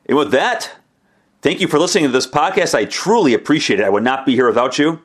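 A man's voice: mid-range voice, animated, quick pace. A male podcast host with a mid-range voice talks through a coach's press conference in a loose, casual way. He reads quotes aloud and slips in dry, self-mocking jokes. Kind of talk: casual sports podcast recap.

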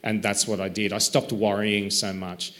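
In a reflective conversational interview, a man speaks as an author with a fairly low, level, fairly bright voice at a moderate pace. He is thoughtful and self-deprecating, rambling a little and restarting sentences.

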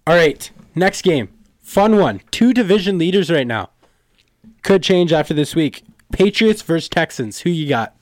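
Podcast host: upbeat man, slightly high voice, runs the rundown, dry close sound. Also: animated, moderate pace, no room sound. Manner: upbeat, runs the segment, announces matchups. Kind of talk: casual sports podcast chat.

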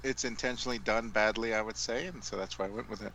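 A man's voice: fairly low pitch, fast talker, bright, forceful tone, rough recording. A man in casual podcast chat, hesitant and self-deprecating.

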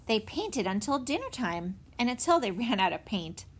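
A woman reading a children's chapter book aloud in an expressive, animated way. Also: on the high side, normal speed, husky. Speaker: narrator. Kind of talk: storybook read-aloud.

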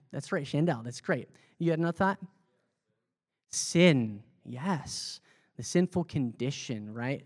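A man, a pastor, teaching a Bible study in a conversational way, asking the group questions and repeating their answers back. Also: fairly high pitch. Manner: loose, with fillers and restarts. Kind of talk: interactive sermon teaching.

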